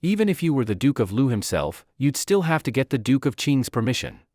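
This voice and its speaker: A man's voice: medium pitch, very animated, brisk, darkish tone, dry recording, clean studio sound, lightly acted. A man voicing a blunt, unimpressed male guard at a village gate. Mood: dismissive.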